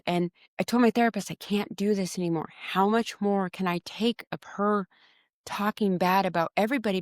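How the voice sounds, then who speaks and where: A woman, a podcast guest, tells a personal story in an emotional, animated way. She acts out her own quoted words and often repeats or restarts them. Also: medium pitch, dry recording, clean studio sound.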